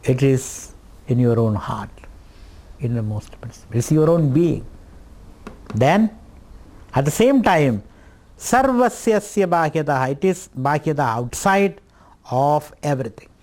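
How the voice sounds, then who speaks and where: Slow contemplative male spiritual teacher. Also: fairly high pitch, expressive, darkish tone. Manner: slow, contemplative, repeats phrases; chants Sanskrit words slowly. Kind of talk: scripture talk at a retreat.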